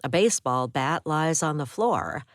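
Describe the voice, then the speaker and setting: A woman narrating a first-person thriller audiobook in a measured, expressive way. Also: low voice, no echo, studio quality.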